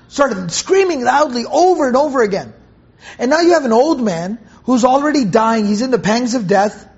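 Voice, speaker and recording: A man teaching a Quran commentary lesson in an earnest way, repeating phrases for emphasis and reciting Arabic verses slowly. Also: very high voice, slightly rough. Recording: dull, muffled lo-fi recording.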